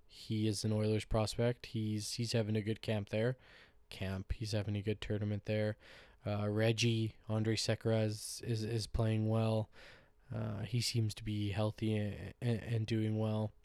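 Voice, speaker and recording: A man in casual podcast chat, rambling and joking with the odd swear word. His voice sits a little low, and the close microphone gives a dry sound with no room in it. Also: level tone, measured pace, darkish tone, no room sound. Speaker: podcast host.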